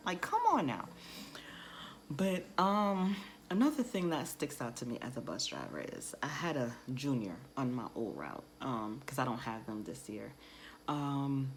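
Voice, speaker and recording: Lively chatty woman bus driver. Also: unhurried, soft background music. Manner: animated, acts out kids' voices in high shrieks; chatty, fills with "you know". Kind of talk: casual storytelling vlog.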